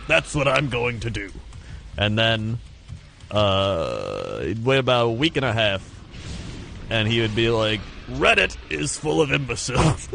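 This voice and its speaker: A man streaming a video game and chatting casually, animated and prone to mimicking people. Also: mid-range voice, slight background noise. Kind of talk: casual chat while gaming.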